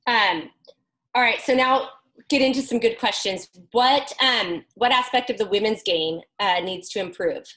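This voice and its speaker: A woman hosting a casual interview, asking loose, relaxed questions. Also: on the high side, normal speed, poor audio. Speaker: interviewer, host.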